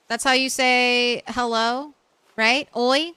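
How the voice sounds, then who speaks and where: A woman's voice: on the high side, a little slow, pushed and bright, smooth, dry recording. A tired young woman streaming a game late at night, chatting casually with her viewers and often restarting her sentences.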